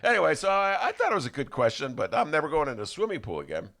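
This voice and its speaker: Chicago male podcast host, animated, lively pitch, studio chat. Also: rapid-fire, vocal fry. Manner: animated, acts out quotes in raised voice. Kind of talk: casual chat.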